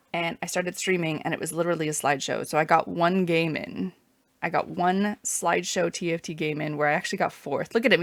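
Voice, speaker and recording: A Canadian woman with a lowish voice chats casually while streaming a strategy game, rambling between moves and tossing in wry asides. The recording is dry.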